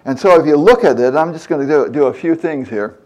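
A preacher in his 70s gives a plain, chatty sermon, earnest and leaning on repeated phrases for emphasis while acting out prayers. His voice is a little high, expressive, a little mellow, and a touch fast.

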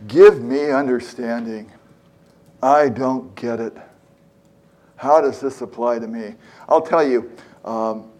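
A man's voice: mid-range voice, darkish tone. Older male preacher, 70s, plain chatty sermon delivery, earnest, leans on repetition. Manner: earnest, repeats phrases for emphasis, acts out prayers. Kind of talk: conversational sermon.

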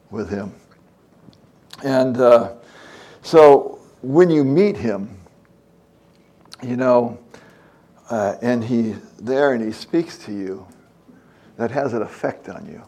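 Older male pastor, casual sermon delivery, halting with lots of fillers. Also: mid-range voice. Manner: relaxed, hesitant, many fillers, talks to young listeners. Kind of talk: conversational sermon.

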